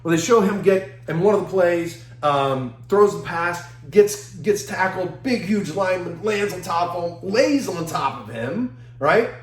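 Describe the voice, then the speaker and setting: A man giving a seminar talk, telling lively anecdotes with chuckles and acting out what people said. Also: high-pitched, measured pace, hardly any pauses, roomy sound. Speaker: seminar speaker.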